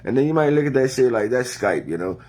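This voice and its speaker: A man's voice: mid-range voice, lively intonation, fast talker, darkish tone. A man talking to the camera in a loose, meandering monologue full of slang and cursing, after a few drinks. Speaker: vlogger. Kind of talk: rambling casual monologue.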